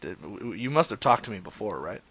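A man's voice: on the low side, big pitch swings, quick pace, a bit bright, husky. A man hosting a live stream, chatting in a rambling, crude, joking way between prank phone calls. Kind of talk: casual profane streaming chat.

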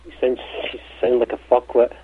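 A man's voice: mid-range voice, level tone, a little fast, background noise. Blunt man on a tinny phone line. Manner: blunt, insulting. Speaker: prank call target.

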